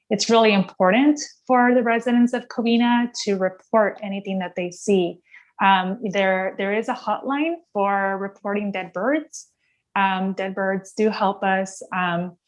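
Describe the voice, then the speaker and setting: A woman from a vector control agency giving advice as a guest, careful, pausing often on "um". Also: mid-range voice. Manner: careful, many "um" pauses.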